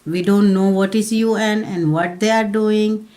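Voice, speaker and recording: Woman, from Pakistan, interview, personal story, halting, restarts phrases. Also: mid-range voice, steady tone, warm tone. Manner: plain, halting, with many restarts.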